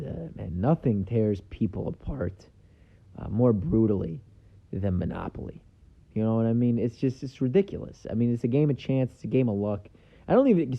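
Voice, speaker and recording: A young man hosting a solo podcast in casual rambling chat, swearing freely and filling pauses with lots of ums. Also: lowish voice. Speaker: podcast host. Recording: dull lo-fi sound.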